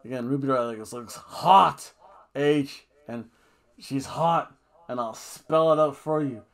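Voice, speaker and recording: A man's voice: medium pitch, moderate pace. A man casually reviewing a wrestling show, rambling and joking, a little tipsy from red wine. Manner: jokey, rambling, breaks into goofy singing and chants. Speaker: podcast co-host reviewing wrestling.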